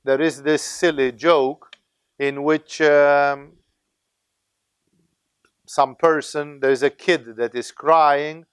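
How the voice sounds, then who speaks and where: A man's voice: on the high side, fairly even intonation, slow, long pauses, clean tone, dry recording. A man teaching as a spiritual teacher, lecturing in a discursive, conversational way with frequent tag questions.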